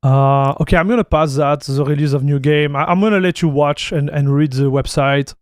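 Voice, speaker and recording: A man's voice: on the high side, steady tone, brisk, clean tone, dry recording, studio quality. A man from France with a French accent, chatting casually with his live-stream chat as a tech streamer, laid-back and calling everyone "dude". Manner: laid-back, says "dude" a lot, reads chat aloud.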